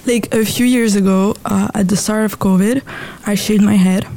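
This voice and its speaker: A woman's voice: mid-range voice, steady tone, moderate pace, mellow. A woman from Gabon, chatting casually as a podcast guest and telling stories full of fillers. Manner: chatty, many fillers, storytelling. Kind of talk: casual chat.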